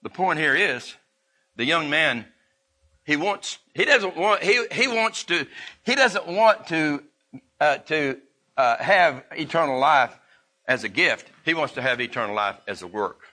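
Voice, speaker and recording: A man's voice: fairly high pitch, pushed and bright. A man preaching a sermon in a folksy way, with restarts and chuckles.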